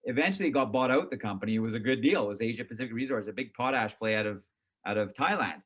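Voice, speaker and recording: A middle-aged man recounts his career in a loose, conversational way. He is animated and pokes fun at himself, and he acts out what he said and thought back then. His voice sits at an ordinary pitch for a man. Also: fast talker, husky. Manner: animated, self-mocking, acts out his past reactions. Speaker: company chairman and CEO. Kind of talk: casual storytelling in an interview.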